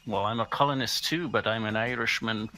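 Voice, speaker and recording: A man's voice: fairly low pitch, a little fast, pushed and bright, a little hiss or hum. A man playing a wary Irish farmer. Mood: evasive. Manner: polite, deflecting, with a hint of scorn. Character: Irish male farmer, wary and smooth-talking.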